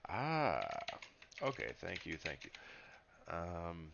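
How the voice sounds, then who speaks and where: A man's voice: deep voice, wildly swooping pitch, extremely slow, creaky, long pauses, dull audio, noisy background. A man, a livestreamer who calls himself a spiritual teacher, chatting with his viewers in an upbeat, rambling way and laughing often. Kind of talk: casual livestream chat. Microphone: webcam setup.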